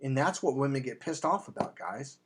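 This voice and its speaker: A man's voice: mid-range voice, lively intonation, normal speed, fairly bright tone, slight background noise. A man talking as a dating coach, delivering an emphatic, blunt sales monologue with casual swearing. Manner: acts out quoted voices in anecdotes.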